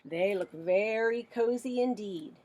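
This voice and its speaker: A woman librarian reading a picture book aloud to children, animated and asking them questions as she goes. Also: medium pitch, slow, a little hiss or hum. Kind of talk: children's story read-aloud.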